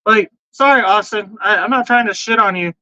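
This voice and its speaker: A man's voice: sits high, brisk, sharp tone, dry recording. A man hosting a casual podcast, talking bluntly, swearing freely and jumping between topics while reading out viewer comments. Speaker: podcast host. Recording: dull, lo-fi sound, dry.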